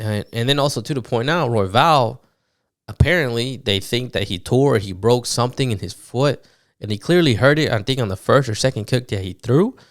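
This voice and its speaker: A man recapping fights on his podcast in a loose, animated monologue, swearing often and full of fillers. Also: mid-range voice, smooth, dry recording, studio quality. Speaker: podcast host.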